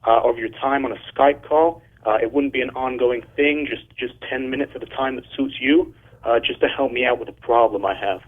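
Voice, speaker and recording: A man's voice: mid-range voice, brisk. A teenage boy calling in, speaking earnestly and politely, a little rehearsed and hesitant. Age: teens. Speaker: caller. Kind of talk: polite phone call. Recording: tinny phone line.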